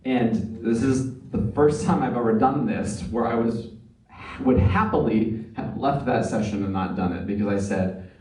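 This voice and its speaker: A man's voice: mid-range voice, moderate pace, a little mellow. A man, a voice actor, telling earnest, nostalgic anecdotes at a fan convention panel, with many fillers. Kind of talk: anecdotal storytelling at a live panel. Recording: echoey room from far off.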